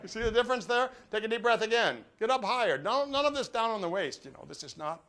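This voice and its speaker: An older man with a high, animated, fairly bright voice talks briskly as he leads a brass master class. He coaches students through breathing exercises with direct instruction and jokes, in a classroom or rehearsal room with a live audience.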